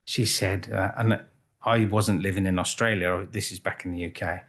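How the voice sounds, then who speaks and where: Low-voiced man telling stories. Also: steady tone, normal speed, fairly bright tone, breathy edge. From Wales. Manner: chatty, self-deprecating storyteller with frequent restarts. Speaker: photographer giving a conference talk. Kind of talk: conference talk with anecdotes. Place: conference hall.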